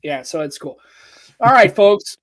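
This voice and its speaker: A man's voice: sits high, expressive, measured pace, fairly bright tone. Joking American man hosting. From United States. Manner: loose, joking, swears freely. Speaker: podcast co-host. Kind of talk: casual podcast chat.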